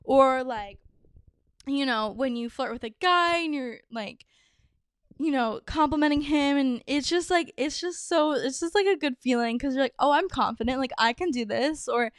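A young adult woman hosting a podcast, telling stories in a chatty, excitable way with lots of fillers. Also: high voice, moderate pace, dry recording, studio quality. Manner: chatty, many "like"s, bubbly and excitable. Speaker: podcast host. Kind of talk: casual storytelling monologue.

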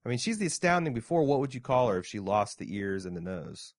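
A man's voice: mid-range voice, very animated, fast talker, no echo, clean studio sound. Man joking through a TV show chat. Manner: jokey, reads listener mail aloud. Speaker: podcast co-host. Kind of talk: casual chat.

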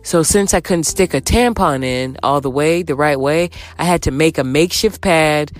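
A woman's voice: deep voice, moderate pace, soft background music. Candid, chatty young woman telling a story. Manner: candid, chatty, animated retelling with voiced quotes. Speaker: vlogger. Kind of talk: casual storytime.

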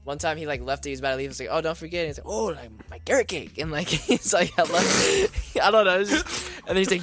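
A man's voice: a little high, expressive, fast, few pauses, fairly bright tone, soft background music. A young man, a guest on a podcast, telling stories in a rambling casual chat full of fillers. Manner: rambling with many fillers and laughs.

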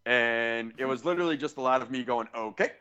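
Man, podcast co-host, casual sports chat, sarcastic ranting, middle pitch, dull lo-fi sound. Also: quick pace, clean tone. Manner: animated, ranting with sarcastic asides.

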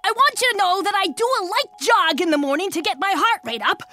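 A woman's voice: extremely high pitch, animated, quick pace, bright, forceful tone, faint music behind, full character voice. A woman voicing an earnest, enthusiastic female earwax doctor with a bubbly, emphatic manner.

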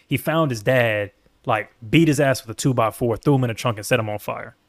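A man co-hosting a casual reaction chat, telling stories in a rambling, animated way with swearing. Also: medium pitch, brisk. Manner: rambling, animated storytelling with profanity. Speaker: podcast co-host.

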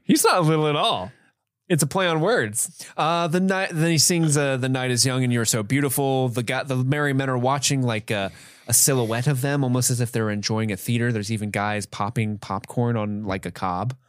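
A man's voice: mid-range voice, fairly even intonation, normal speed, dry recording. A man co-hosting a podcast, casually recapping comedy scenes and laughing along. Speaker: podcast co-host. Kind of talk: casual film review chat.

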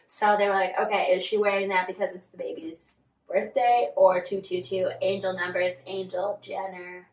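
This podcast co-host has a medium-pitched voice with fairly even intonation at normal speed, and the highs are cut off. She gossips casually about celebrities, using "like" constantly, and sounds distant from the mic in an echoey room.

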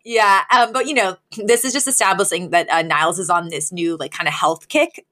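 A woman's voice: fairly low pitch, fairly even intonation, fairly quick, pushed and bright. A woman co-hosting a podcast, chatting casually as she retells sitcom scenes. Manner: chatty, retells scenes with quoted lines and laughs. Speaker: podcast co-host. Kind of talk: casual chat recapping a sitcom episode.

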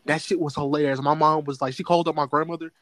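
A young man chatting casually and telling animated stories, acting out other people's lines. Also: fairly high pitch, fast talker. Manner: animated storyteller, acts out quotes. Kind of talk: casual chat.

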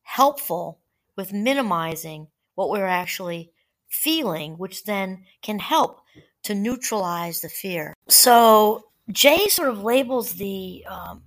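A woman hosting a solo talk, speaking gently and conversationally, reading quotes aloud now and then. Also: medium pitch, animated, slow pace. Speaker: podcast host. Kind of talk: reflective solo talk on fear and mindfulness.

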